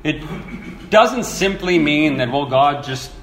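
Animated male preacher in an echoey room. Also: on the high side, slow pace. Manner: animated storytelling, acts out quoted voices. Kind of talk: sermon teaching. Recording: echoey room with faint ambience.

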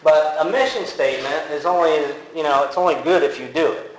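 A man's voice: fairly high pitch, fairly quick. Man preaching in a very echoey hall. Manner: conversational, many fillers and restarts. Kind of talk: casual sermon with audience quiz. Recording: very echoey hall with faint ambient noise.

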